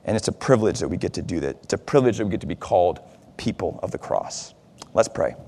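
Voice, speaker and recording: A man's voice: sits low, expressive, quick pace, creaky, dark tone, a little hiss or hum. A man, a pastor, giving a casual, self-deprecating sermon in a church, with fillers and asides. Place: church sanctuary. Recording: long reverb of a church hall.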